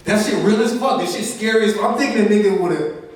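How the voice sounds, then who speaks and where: Profane young comedian, high voice, echoey room. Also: male voice, fast talker, a little hiss or hum. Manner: profane, storytelling, acts out friends' voices. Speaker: stand-up comedian. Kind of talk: stand-up comedy set. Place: small indoor venue. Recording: echoey room picked up from a distance.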